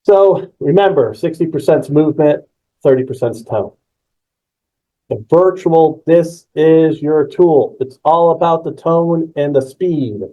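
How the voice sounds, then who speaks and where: A man presenting a live webinar on presentation skills, energetic and emphatic, repeating key words and reacting to the chat. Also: a little high, measured pace, dull audio.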